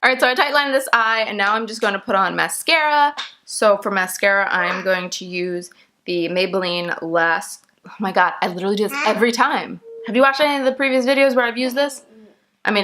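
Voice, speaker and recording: A woman's voice: mid-range voice, fairly quick, pushed and bright. A young woman chatting her way through a makeup tutorial at home, explaining each step casually and laughing easily. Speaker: makeup vlogger.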